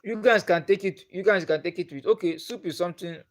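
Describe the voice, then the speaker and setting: A high-pitched, brisk voice belongs to a Nigerian-accented man chatting on a live stream. He keeps repeating the same questions to his viewers.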